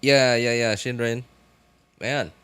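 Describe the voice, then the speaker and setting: A man's voice: mid-range voice, fairly even intonation, takes it slowly, fairly bright tone, smooth, dry recording. A man live-streaming a game, chatting casually with his viewers, often laughing and talking straight to chat. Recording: faint music behind.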